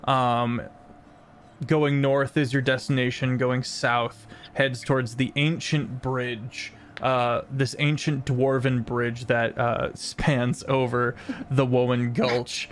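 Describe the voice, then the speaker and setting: A man's voice: medium pitch, flat delivery, slow pace, slight background noise. A man running a tabletop role-playing game as game master, narrating in a rambling way with many ums and uhs.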